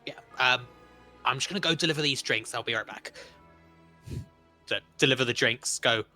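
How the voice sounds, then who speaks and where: A man's voice: medium pitch, normal speed, pushed and bright, faint music behind. A man playing a tabletop game, talking in a hesitant way with fillers. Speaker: player. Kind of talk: casual tabletop game play.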